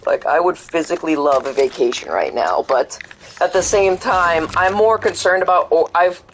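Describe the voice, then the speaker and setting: A man's voice: fairly high pitch, expressive, moderate pace, a little hiss or hum, rough recording. A young man streaming a game, chatting casually and rambling, swearing a lot and acting out both sides of conversations. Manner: rambling, profane, acts out quoted exchanges. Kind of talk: casual chat while gaming.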